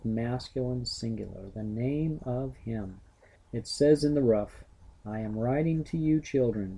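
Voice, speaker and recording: A middle-aged man teaching a grammar lesson, slowly and methodically parsing each word. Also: mid-range voice, vocal fry, warm tone, breathy edge, poor audio. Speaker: Greek teacher.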